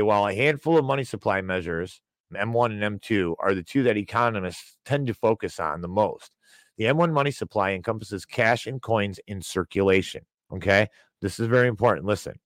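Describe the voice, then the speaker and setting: A man's voice: on the low side, dry recording. A man hosting a broadcast, ranting and wisecracking in casual, rambling commentary. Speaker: show host.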